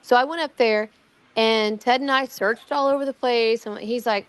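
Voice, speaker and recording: Recounting her own amateur investigation as a conversation guest, this middle-aged woman tells the tale in a meandering, casual way, with repeated words, restarted sentences and quotes from others. Her voice is on the high side, clear and resonant, with a steady tone at normal speed.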